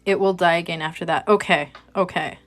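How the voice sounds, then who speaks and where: A woman's voice: fairly low pitch, fairly even intonation, a little fast, soft background music. A woman chatting casually with her livestream viewers while she works on a craft project, joking at her own expense. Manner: chatty, self-mocking, talks to chat viewers. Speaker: livestream host.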